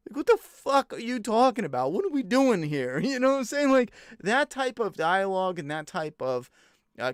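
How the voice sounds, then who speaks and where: A young man who reviews TV shows rants about an episode, exasperated and incredulous, swearing freely in a casual, profane way. His voice sits a little high and smooth, captured in clean studio sound with no echo.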